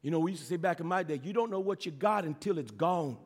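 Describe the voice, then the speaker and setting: In an echoey church sanctuary, a pastor preaches a sermon to his congregation, stammering into restarts and calling out to the room. His voice is fairly high, expressive, and fast.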